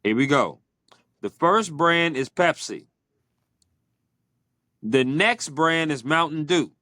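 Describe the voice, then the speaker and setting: A man's voice: fairly high pitch, bright, forceful tone, dry recording. Playful male podcast host, dry sound. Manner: playful, teasing, drawn-out questions. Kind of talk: casual interview chat.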